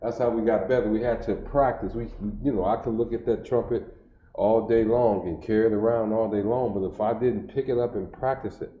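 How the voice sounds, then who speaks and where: A man's voice: on the low side, steady tone, brisk, slight background noise. A middle-aged man teaching a class, repeating points in a call-and-response cadence. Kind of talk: classroom-style instruction, livestreamed. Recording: echoey room, dull lo-fi stream audio.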